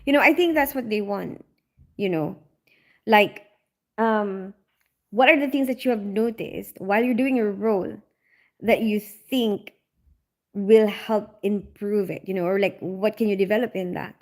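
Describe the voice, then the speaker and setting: A woman's voice: mid-range voice, a little slow. Chatty giggling woman livestreamer. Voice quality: loud on calls. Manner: chatty, giggly, reads comments aloud. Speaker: livestream host reading viewer comments. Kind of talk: casual livestream chat.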